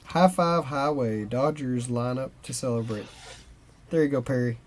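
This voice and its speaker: A man's voice: medium pitch, moderate pace, slight background noise. A man co-hosting a card-opening show, chatting casually and reading player names aloud as he pulls cards. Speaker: co-host opening baseball cards.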